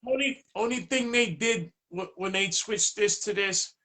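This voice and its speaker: A man tells stories as a DJ guest in a relaxed interview. His voice sits a bit high and bright, and it jumps up when he plays out other people's lines. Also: unhurried, few pauses. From Boston, USA. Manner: animated, acts out dialogue in raised voice. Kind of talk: casual storytelling interview.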